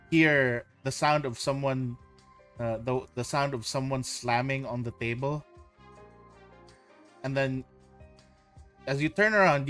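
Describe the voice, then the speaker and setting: A man narrating as game master of a tabletop game, halting and heavy on filler words. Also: medium pitch, fairly bright tone.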